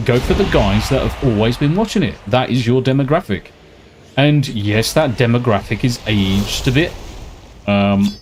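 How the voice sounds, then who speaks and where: Brit guy ranting on his game stream, swears a lot, average pitch. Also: slight background noise. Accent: British. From Britain. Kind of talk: casual live-stream chat while gaming.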